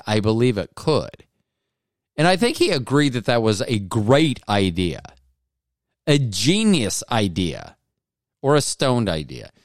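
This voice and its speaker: A man's voice: mid-range voice, dry recording. A male podcast host talking in a casual, rambling monologue full of self-mocking, jokey asides, close on the mic.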